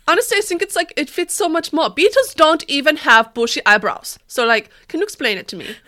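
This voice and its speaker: A woman voicing a grumpy, bearded old settler man who complains loudly and indignantly. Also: high voice, expressive, a little fast, pitched above the performer's own voice.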